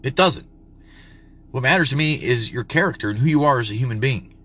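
A man's voice: medium pitch, expressive, brisk, bright, forceful tone, breathy edge. A man in his forties rants bluntly and profanely while putting on a redneck drawl. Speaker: parent vlogger. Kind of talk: casual rant to camera.

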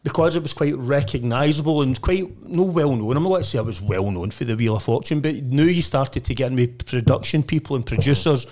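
A man's voice: medium pitch, fairly quick, few pauses, a little mellow. A middle-aged man with a Scottish accent, a podcast guest swearing and chuckling his way through stories in casual chat.

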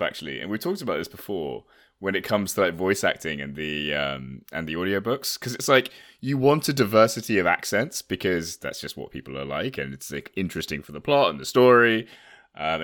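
Animated, bright-voiced young man. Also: sits low, a little fast. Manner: animated, laughs often, lots of fillers. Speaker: podcast co-host. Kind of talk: casual chat.

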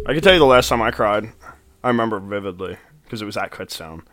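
A man's voice: on the low side, expressive, fast talker, fairly bright tone. A young man in casual chat with friends, joking around, laughing often and swearing casually. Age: young adult.

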